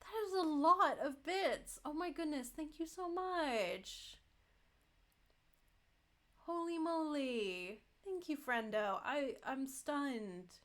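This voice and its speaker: A woman's voice: sits high, expressive, slow, a bit bright. A young adult woman streaming a game, chatting casually and rambling, thanking viewers effusively. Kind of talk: casual live-stream chat.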